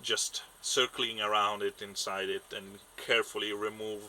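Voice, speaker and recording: A man narrating a tabletop game as game master, in halting speech with restarts and loose grammar. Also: lowish voice, flat delivery, bright, forceful tone, slight background noise, poor audio.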